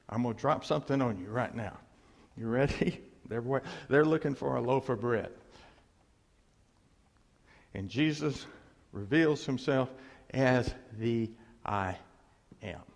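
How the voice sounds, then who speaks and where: A man preaching a sermon as a pastor, animated and laughing often, dropping to a hush on key phrases. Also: medium pitch, gravelly, husky. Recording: long hall reverb.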